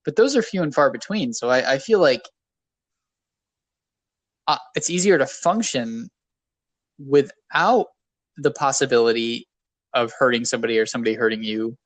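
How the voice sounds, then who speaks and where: A man co-hosting a casual podcast in a rambling, self-deprecating way. His voice sits at a middle pitch. The sound is dry and close to the mic. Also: moderate pace, long pauses, no room sound. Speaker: podcast co-host.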